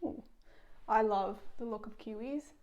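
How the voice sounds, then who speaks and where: A woman's voice: a little high, a little slow, a little mellow, dull audio, slight background noise. A woman chatting casually through a cooking vlog in her kitchen, self-deprecating and laughing often. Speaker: food vlogger. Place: home kitchen.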